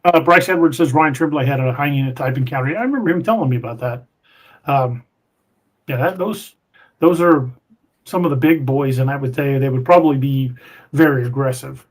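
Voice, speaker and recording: A man hosting a podcast, reading viewer comments aloud in a relaxed, chatty way. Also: medium pitch, brisk. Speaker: podcast host reading live chat. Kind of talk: casual live-stream chat.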